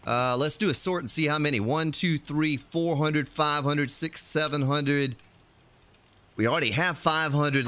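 Bright, lively-voiced man streaming a game. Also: mid-range voice, a little hiss or hum. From United States. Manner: rambling, chatty, talks to chat viewers. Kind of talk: casual live-stream commentary.

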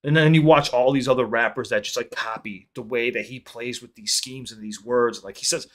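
A man hosting a music reaction video, talking casually in an excitable, rambling way and swearing freely. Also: mid-range voice, a little fast.

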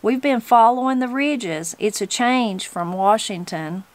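A woman with a Southern Appalachian accent voicing a cheerful, smoothing-over man in his sixties in a storybook reading. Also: on the high side, a little slow, dry recording, close to an everyday voice.

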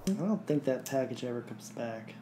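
A woman's voice: rumbling low, lively intonation, moderate pace, warm tone. A woman co-hosting a podcast, cutting into a movie recap with dry, short remarks. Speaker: podcast co-host. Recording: echoey room, faint background hiss.

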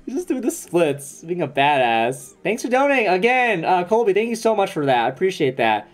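Young guy hyped up on a live stream, voice jumps all over, swears a lot, faint music under him. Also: high voice. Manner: excitable, swearing, quick asides to chat. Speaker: streamer opening trading cards.

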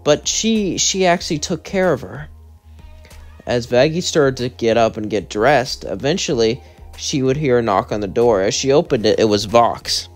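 A man's voice: mid-range voice, normal speed, soft background music. A man narrating a fan story read-aloud, rambling along and chaining events with "as". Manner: rambling, linking lines with "as".

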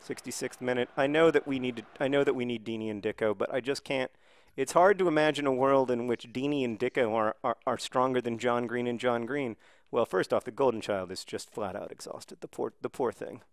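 A man's voice: medium pitch, fairly quick, few pauses, no room sound, studio quality. A man in his thirties giving rambling, wry commentary on a video game while worn out and recovering from illness. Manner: wry, rambling, bursts into excited shouting. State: recovering from illness, low energy. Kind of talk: casual gameplay commentary.

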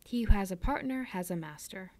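A woman's voice: mid-range voice, lively intonation, fairly quick, a little mellow, natural voice. A woman reading the part of a kindly middle-aged male ship owner, fatherly and encouraging in manner. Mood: genial.

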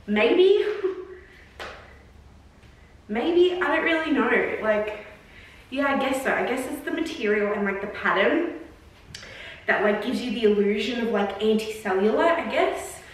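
A woman's voice: fairly high pitch, lively intonation, unhurried, pauses often, echoey room, distant mic, a little hiss or hum, rough recording. A woman in her twenties filming a casual try-on vlog, chatty and exasperated, with lots of filler words. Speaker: vlogger.

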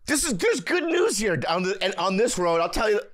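A man hosting a podcast, talking in casual banter in a flustered, excitable, half-apologetic way. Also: sits high, brisk. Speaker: podcast host.

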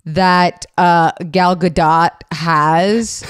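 A woman's voice: fairly low pitch, steady tone, very slow, clean tone, dry recording, studio quality. A woman co-hosting a comedy podcast in casual chat, brash and teasing with crude jokes. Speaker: podcast co-host.

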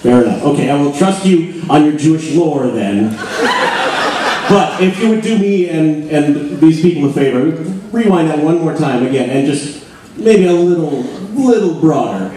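A man's voice: fairly high pitch, lively intonation, moderate pace, noisy background. A man joking and teasing his partner during a live comedy music show. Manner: joking, sarcastic, interrupts playfully. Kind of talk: bantering stage patter. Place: live show on a cruise ship. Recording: echoey distant live recording with music.

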